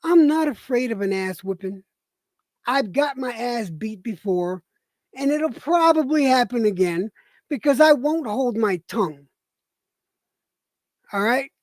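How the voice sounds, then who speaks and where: A woman's voice: a little high, a little mellow, no room sound. A woman streamer on a live broadcast, delivering an angry, profane rant full of stammered repetitions.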